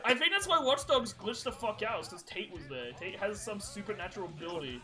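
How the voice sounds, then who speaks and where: Podcast co-host, man, high voice, rambling and profane, music bed behind. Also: expressive, a little fast, rough recording. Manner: rambling, swears often, laughs while telling stories. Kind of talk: casual chat.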